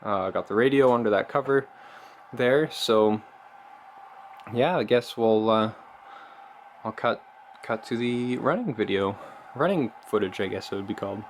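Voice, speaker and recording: A man's voice: on the low side, measured pace, pauses often, slight background noise. A man vlogging casually about his hobby car, rambling and enthusiastic, with lots of ums and uhs. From Canada. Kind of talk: casual show-and-tell vlog.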